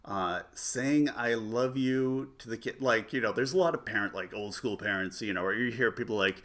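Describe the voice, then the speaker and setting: A man's voice: fairly low pitch, fairly quick, a bit bright. A man in his forties telling a rambling family story in casual chat, full of restarts and self-mocking humor. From United States.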